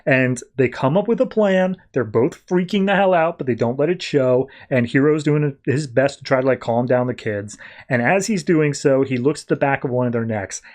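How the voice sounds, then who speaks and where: A man hosting a podcast, casually recapping a comic book story and slipping into quick voiced quotes of the characters. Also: medium pitch, a little mellow. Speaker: podcast host.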